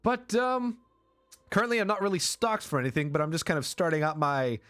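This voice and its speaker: A man's voice: a little high, sing-song, fairly quick, a bit bright, voice pushed up. A man doing a chirpy bumbling merchant. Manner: chirpy salesman patter full of ums. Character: eager, fumbling male human traveling merchant.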